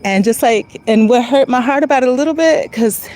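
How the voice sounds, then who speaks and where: A woman with a higher, somewhat mellow voice talks briskly to her viewers while walking down a street outdoors. Her vlog is casual, rambling, earnest, and emotional, and the recording quality is poor.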